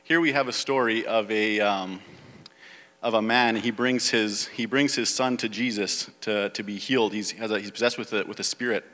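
Bright-voiced preacher man in reverberant hall. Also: on the low side, fairly even intonation, moderate pace. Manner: reads scripture then preaches, growing more emphatic. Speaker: pastor. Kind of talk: sermon.

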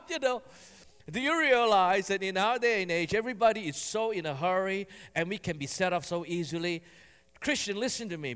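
Male pastor, higher voice, animated sermon delivery with slow emphatic scripture reading; long reverb of a big hall. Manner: animated, acts out quotes in raised voice.

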